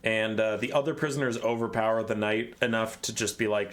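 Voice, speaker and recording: Dude rambling through a story recap, swears a lot, backtracks constantly. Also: male voice, lowish voice, steady tone, a little fast, few pauses, fairly bright tone. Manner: rambling, profane, self-correcting.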